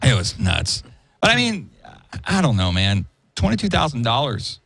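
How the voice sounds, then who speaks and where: A man hosting a podcast in casual chat, telling stories animatedly and slipping into high-pitched impressions. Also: wildly swooping pitch, moderate pace, vocal fry, sharp tone, no echo. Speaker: podcast host.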